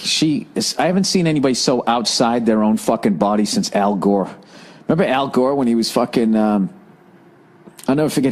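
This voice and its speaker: A man's voice: mid-range voice, darkish tone. A man hosting a podcast, delivering a rambling, profane, exasperated comedic rant. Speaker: podcast host.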